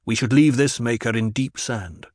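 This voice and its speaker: A man's voice: medium pitch, normal speed, no echo, clean studio sound, natural voice. A man voicing a firm young duke. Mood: plain. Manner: firm and commanding. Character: resolute young male duke turned desert leader. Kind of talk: audiobook character reading.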